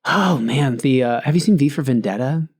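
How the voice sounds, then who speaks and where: A man's voice: medium pitch, lively intonation, normal speed, darkish tone, breathy edge. Laid-back male comedian guest. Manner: laid-back, laughs often, acts out quoted voices. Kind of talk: casual chat. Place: studio.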